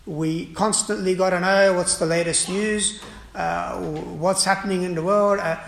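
A man who is a priest, preaching a sermon forcefully, with frequent "uh" fillers and restarts. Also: high-pitched, fairly even intonation, normal speed, vocal fry, slight background noise. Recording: echoey room.

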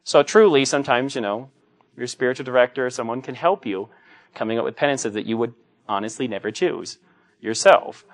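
Middle-aged priest, joking homily. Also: male voice, mid-range voice, brisk. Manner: anecdotal and joking, acts out quoted voices. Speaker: Catholic priest. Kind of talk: conversational homily.

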